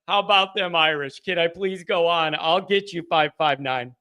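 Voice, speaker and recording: A man's voice: on the high side, moderate pace, few pauses, sharp tone, clear, resonant tone. A man hosting a postgame call-in livestream who is overcome with emotion. He reads out viewer messages in a breathless, rambling way and keeps losing his place. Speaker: livestream host.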